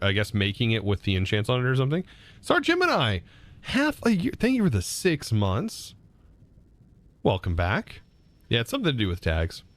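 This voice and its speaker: A man's voice: fairly low pitch, a bit bright. A man with a Southern US accent chatting casually on a live game stream, reading chat aloud and laughing often.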